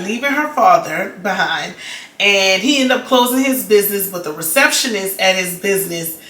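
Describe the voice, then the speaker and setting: Woman vlogger, casual rambling chat, sharp bright tone, roomy echo. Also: medium pitch. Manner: chatty, rambling, many "like"s and restarts. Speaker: vlogger reviewing a documentary.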